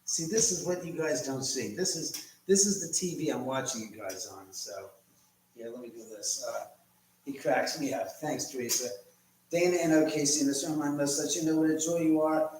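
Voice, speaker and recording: This man's voice is fairly high-pitched with a darkish tone, and he talks at a normal speed. He hosts a chatty, rambling livestream, reading viewer comments as he cooks at home in his kitchen. The echoey room is miked from a distance, leaving faint ambience and slight background noise.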